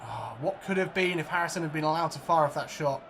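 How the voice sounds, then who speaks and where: A man commentating his own football video game match like a broadcaster, jokey and prone to excited outbursts and swearing. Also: fairly high pitch, quick pace, slight background noise. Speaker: let's play gamer. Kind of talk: mock football commentary over gameplay.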